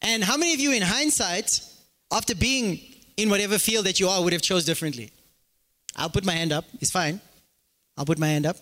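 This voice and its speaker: A man's voice: sits high, fairly quick, long pauses. A man preaching a sermon as pastor, joking and acting out little dialogues. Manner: animated, joking, acts out dialogues. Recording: echoey hall.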